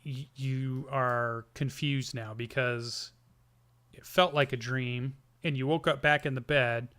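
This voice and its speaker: A man narrating a tabletop game as game master, halting often with ums and restarts. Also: mid-range voice, steady tone, fairly bright tone, clear, resonant tone.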